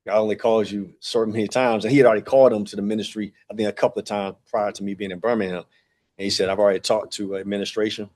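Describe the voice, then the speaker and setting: A man's voice: on the low side, a little mellow. A man in his forties, a podcast guest, telling a long personal story in a casual, rambling way with many fillers and acted-out dialogue. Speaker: podcast guest, track and field director.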